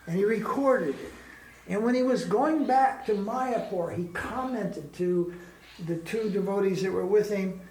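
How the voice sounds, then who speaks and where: Faint ambience and echo fill the ashram classroom where a high-pitched man with a darkish tone teaches a relaxed spiritual class a little slowly. He jokes, laughs a lot, and imitates people's chanting.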